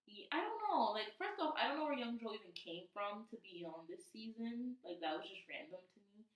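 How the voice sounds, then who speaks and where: A young woman co-hosting a podcast in casual chat, talkative, with quick asides and frequent laughter. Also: medium pitch, expressive, echoey room, recorded from a distance, low-quality recording. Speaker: podcast co-host.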